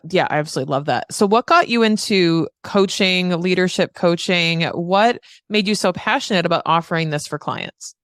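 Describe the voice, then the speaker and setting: A woman's voice: on the low side, normal speed, few pauses, smooth, dry recording, studio quality. A woman hosting a podcast interview who chats in an upbeat, casual way with her guest. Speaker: podcast host.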